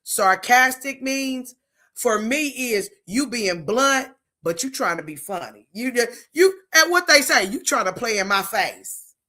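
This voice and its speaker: A woman's voice: fairly high pitch, expressive, a little slow, sharp tone. A woman hosting a faith-based talk show, speaking bluntly and emphatically and acting out the tones she talks about. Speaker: host.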